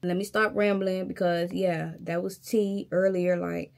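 A woman's voice: fairly low pitch, level tone, moderate pace, gravelly, darkish tone. A young woman with a Virginia accent vents to camera in a casual vlog. She tells her story with heated emphasis, talking straight to her viewers. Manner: heated, emphatic, addresses viewers directly as y'all. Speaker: vlogger.

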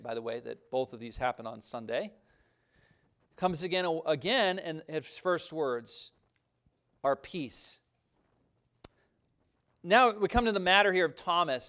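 Animated, high-voiced male pastor preaching. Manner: emphatic, conversational preaching with frequent asides. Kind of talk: sermon.

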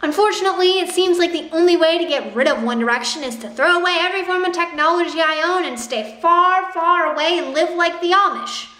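A woman's voice: extremely high pitch, fairly quick, few pauses, bright, forceful tone. A young woman ranting sarcastically and indignantly in a vlog. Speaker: vlogger. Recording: echoey room.

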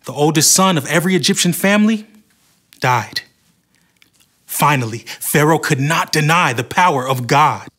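A man telling a Bible story as the storyteller in a children's church show, in an animated storytelling way. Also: on the high side, moderate pace. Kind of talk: scripted Bible story narration for kids.

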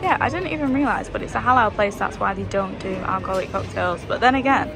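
A woman's voice: medium pitch, quick pace, gravelly. A young woman from England vlogging casually as she goes around the city, chatty, swearing freely and laughing often. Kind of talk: casual vlog chat. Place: out and about in a city, in bars and a hotel room. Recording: music and crowd chatter behind.

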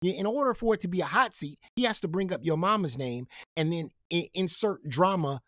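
A man's voice: high voice, lively intonation, a little fast, a bit bright, no echo, clean studio sound. A man hosting a gaming commentary channel, ranting in a profane, confrontational way and repeating himself when heated.

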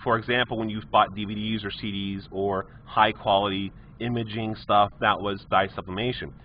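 A man's voice: on the low side, level tone, normal speed, slight background noise. A man, a technology teacher giving a live classroom lecture with chatty storytelling asides to his students. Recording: muffled lo-fi classroom stream.

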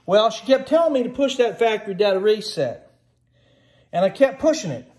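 A man's voice: sits high, big pitch swings, brisk, a little mellow. A man filming a casual, folksy how-to walkthrough by his kitchen refrigerator on a handheld phone, chatting and grumbling as he goes. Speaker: home how-to vlogger. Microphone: handheld phone camera. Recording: echoey room.

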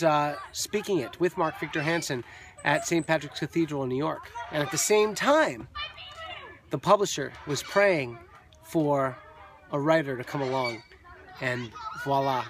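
A man giving casual, upbeat motivational vlog talk as a network marketing coach, loose and chatty with fillers, outdoors on a beach. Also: medium pitch. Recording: outdoor beach crowd noise behind.

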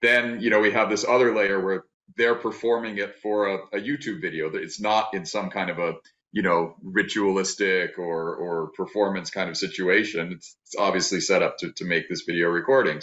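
A man giving an academic talk over a video call, thoughtful and halting, with many restarts and fillers. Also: low-pitched, steady tone, fairly bright tone. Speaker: guest lecturer. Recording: roomy, dull video-call audio.

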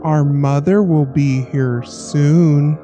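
A woman voicing an eerie black-eyed boy who speaks with slow, smooth menace. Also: low voice, fairly even intonation, dark tone, lo-fi sound, soft background music, pitched below the performer's own voice. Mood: eerie calm.

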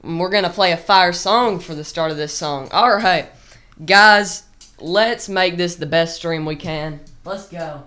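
A woman chatting casually with viewers on a drumming livestream, excitable, with sudden loud shouts and rambling restarts. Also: lowish voice, moderate pace, few pauses.

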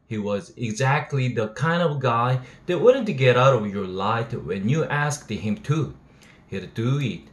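A man, an English teacher reading a novel aloud steadily and voicing its dialogue. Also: mid-range voice. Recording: roomy echo.

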